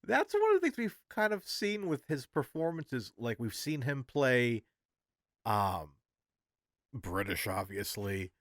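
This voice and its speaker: A man's voice: medium pitch, sing-song, slow pace, a bit bright, no room sound, clean studio sound. A man co-hosting a podcast, chatting casually, rambling and searching for words as he goes. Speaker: co-host.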